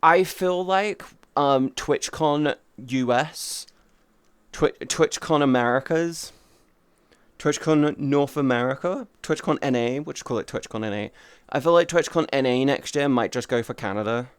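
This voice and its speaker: Man hosting a casual live stream, slow delivery, dry close sound, teasing and softly praising chat. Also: mid-range voice, clean tone, no room sound. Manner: playful, teasing chat banter; cooing, soft praise.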